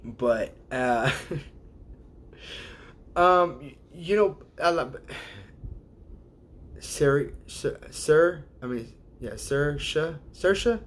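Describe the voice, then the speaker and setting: A man's voice: on the high side, very slow, pauses often. A man hosting a casual livestream, rambling and hesitant, laughing often as he sounds out viewers' names. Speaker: livestream host.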